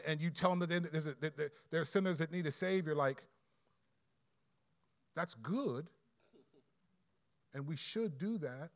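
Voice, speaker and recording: High-voiced, animated male preacher. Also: vocal fry. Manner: conversational, animated preaching with quick asides. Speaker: pastor. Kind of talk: sermon.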